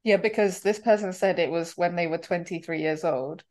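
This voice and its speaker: A young woman co-hosting a casual chat podcast, chatty and quick to laugh, reading listener letters aloud. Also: lowish voice, darkish tone. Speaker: podcast co-host.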